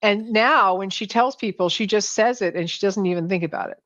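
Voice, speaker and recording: Woman guest, animated coach who restarts her sentences a lot, heard dry and lo-fi over a call. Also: mid-range voice, brisk, no echo. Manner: animated, many restarts and self-corrections. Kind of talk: conversational interview. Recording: dull lo-fi sound, dry.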